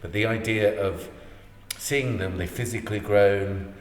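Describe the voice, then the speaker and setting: A podcast host with a fairly low voice talks unhurriedly in a casual chat, rambling and enthusiastic with plenty of restarts. The room is echoey and there's faint noise.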